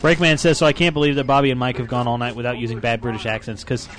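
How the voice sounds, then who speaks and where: A man hosting a live gaming stream, reacting excitedly and commenting on the action. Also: medium pitch, very fast, a little hiss or hum. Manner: excitable, reacts loudly to gameplay. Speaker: game stream host.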